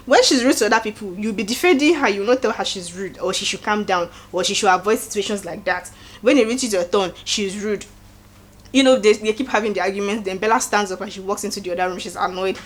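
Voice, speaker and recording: A woman with a Nigerian accent giving a casual recap, acting out quotes in an animated way and adding preachy asides. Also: mid-range voice. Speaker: show recap host. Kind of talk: casual reality-show recap.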